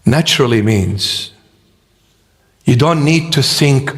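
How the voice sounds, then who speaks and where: A man's voice: medium pitch, animated, slow pace, long pauses, in a large hall. A man preaching a sermon with emphatic rhetorical questions.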